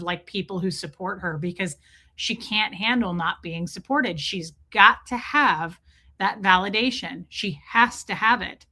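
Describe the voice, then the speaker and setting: A woman hosting a livestream, talking fast and emphatically, repeating herself and breaking off to thank viewers in the chat. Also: medium pitch, bright, forceful tone. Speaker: livestream host. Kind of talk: casual livestream commentary.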